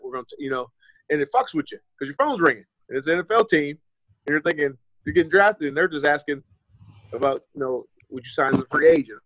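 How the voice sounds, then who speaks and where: A man's voice: mid-range voice, no room sound, rough recording. An American man in his thirties, a former pro running back, telling his story casually and candidly as a podcast guest, with some swearing and acted-out conversations. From United States. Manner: candid and loose, swears freely and acts out remembered conversations.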